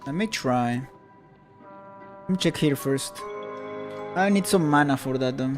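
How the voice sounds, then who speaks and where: A man's voice: medium pitch, a little slow. A man streaming a role-playing game, casually thinking aloud about what to do next. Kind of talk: casual gameplay commentary. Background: faint game music.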